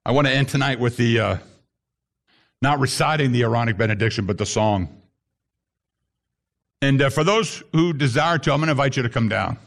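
A man preaching an impassioned sermon to a congregation, building to shouted emphasis at key points. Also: medium pitch, fairly quick, long pauses.

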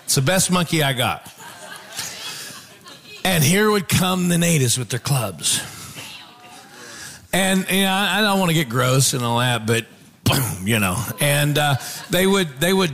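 A man preaching a sermon, telling a story with animated shouts and call-outs to the congregation. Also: fairly high pitch, unhurried, creaky, pauses often.

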